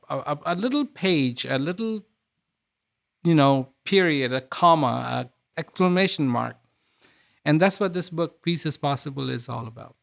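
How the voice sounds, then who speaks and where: A male author answering interview questions with gentle, reflective stories, often repeating and restarting words. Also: a little high, creaky. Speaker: author and speaker.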